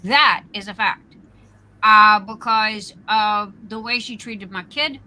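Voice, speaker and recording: A woman's voice: medium pitch, slow pace, sharp tone, rough recording. A woman in her sixties telling her personal story on a livestream, blunt and profane with lots of ums and uhs. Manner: blunt and profane, with frequent fillers. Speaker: livestream host.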